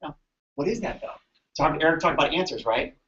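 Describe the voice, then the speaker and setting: Male chiropractor, fairly high voice, animated storyteller, recorded from across an echoey room on a dull mic. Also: brisk, recorded from a distance. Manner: animated, chatty, keeps asking "right?". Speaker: chiropractor presenting to colleagues. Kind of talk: storytelling talk to an audience.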